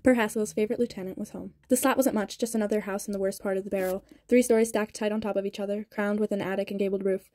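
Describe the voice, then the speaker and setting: Woman reader for a novel; flat delivery, fast and sped-up. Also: medium pitch, no echo. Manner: even, steady reading with small slips and restarts. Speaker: audiobook reader. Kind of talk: novel read aloud. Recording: sped-up audio.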